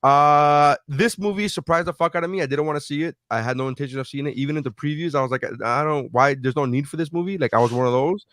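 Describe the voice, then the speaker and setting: A man's voice: a little high, quick pace, few pauses, a bit bright, no echo. Profane ranting podcast man. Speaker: podcast co-host. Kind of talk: casual chat.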